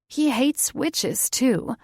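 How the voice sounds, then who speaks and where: A woman's voice: high-pitched, animated, extremely slow, a little mellow, husky, no echo, studio quality, voice pushed up, heavily acted. A woman voicing an old grandmother witch who speaks fearfully and sighs, in a fantasy audiobook. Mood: amused. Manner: fearful, sighing.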